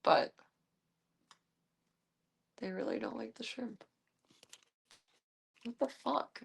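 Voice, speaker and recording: A woman's voice: a little high, animated, slow, vocal fry, husky. A woman live streamer at home, chatting casually and talking to her pets in an amused, baffled way. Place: at home with her cats and dogs.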